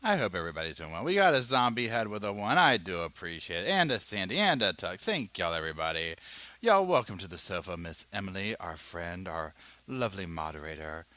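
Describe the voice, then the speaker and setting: A man's voice: deep voice, very animated, fairly quick, pushed and bright, dry recording. A man hosting a casual livestream podcast, chatty and upbeat, addressing viewers as y'all. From North Carolina, US. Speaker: podcast host.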